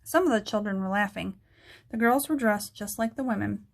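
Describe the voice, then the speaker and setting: A woman narrating a children's book aloud in a steady storytelling manner. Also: mid-range voice, moderate pace, gravelly.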